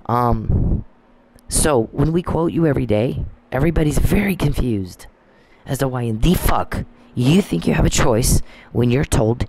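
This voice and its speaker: A man with a gravelly, creaky voice talks straight into the mic in a loose, unscripted monologue. He is blunt and emphatic and swears freely. His pitch sits in an ordinary middle range. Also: normal speed, a little mellow, slight background noise. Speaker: commentator. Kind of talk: casual monologue.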